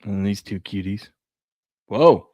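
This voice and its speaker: Low-voiced man telling family stories. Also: expressive, slow pace, mellow, no room sound, studio quality. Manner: laid-back storytelling with laughs. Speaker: sports show co-host. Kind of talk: casual chat.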